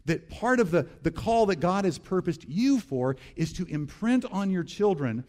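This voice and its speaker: A man's voice: high-pitched, lively intonation, moderate pace, a little mellow. A male pastor preaching a sermon, repeating key phrases and calling on the congregation to respond.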